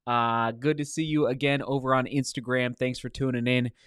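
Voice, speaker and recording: A man's voice: mid-range voice, level tone, normal speed, fairly bright tone, clean tone, dry recording, studio quality. A middle-aged man hosting a casual live Q&A stream from a motel room, greeting viewers by name in an upbeat way.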